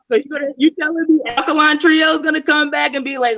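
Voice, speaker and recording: Bright-voiced woman doing loose stand-up on a call. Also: high voice, moderate pace, muffled recording. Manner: rambling, laughing, swearing, loose and playful. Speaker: stand-up comedian. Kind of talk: casual stand-up on a video call. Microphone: video call.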